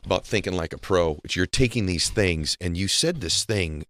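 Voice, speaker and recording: A man's voice: low voice, lively intonation, moderate pace, fairly bright tone, no echo. A male podcast host in a casual interview who encourages his guest with frequent affirmations.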